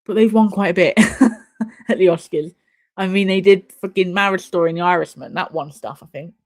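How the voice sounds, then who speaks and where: The speaker is a young woman streamer with a fairly low voice and normal speed. She casually chats, curses, laughs and banters at the screen while watching an awards show live with her viewers.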